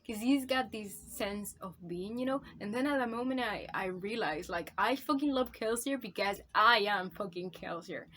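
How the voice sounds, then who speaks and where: A woman's voice: mid-range voice, moderate pace, hardly any pauses, a bit bright, slight background noise. A woman talking casually in a book review vlog, gushing and swearing a lot, rambling with constant "like" and "you know", and emotional enough to come close to tears. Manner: gushing, profane, rambling with many fillers.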